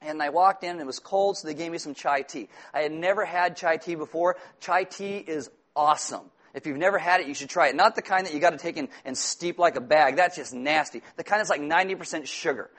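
A man preaching a sermon as pastor, telling stories in a lively, self-mocking way with asides to the congregation. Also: fairly high pitch, brisk, hardly any pauses.

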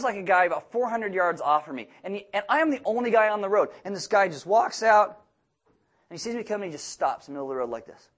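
A man with a high voice preaches a sermon to a church congregation. He talks bluntly and directly, throwing in joking asides and quick bursts of emphasis. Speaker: pastor.

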